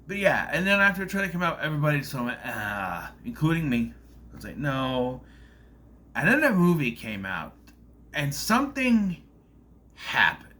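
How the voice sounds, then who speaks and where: A young man talking casually to camera, reviewing a movie in a rambling, animated way with frequent restarts. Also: medium pitch. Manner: rambling, animated, self-interrupting. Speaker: video reviewer.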